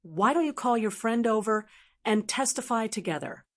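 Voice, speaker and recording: A woman's voice: on the high side, lively intonation, normal speed, fairly bright tone. A woman voicing a resentful male elder in an audiobook who sneers and scoffs at a rival. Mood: sneering.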